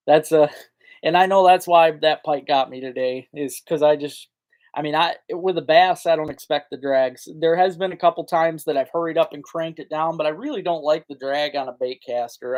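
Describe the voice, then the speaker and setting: A man's voice: a little high, darkish tone. A man hosting a live fishing chat, talking in a folksy, rambling way and answering viewers' comments. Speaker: fishing channel host. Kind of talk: casual live-stream chat.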